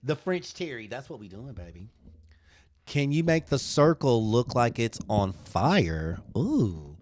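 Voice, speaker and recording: A man's voice: medium pitch, big pitch swings, slow pace, a little mellow. A man hosting a live design tutorial, talking to viewers in a playful, sassy way.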